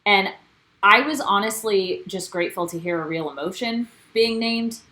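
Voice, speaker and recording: A woman's voice: medium pitch, normal speed, rough recording. Chatty woman co-hosting a recap. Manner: animated, quotes cast members. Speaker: co-host. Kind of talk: casual recap chat.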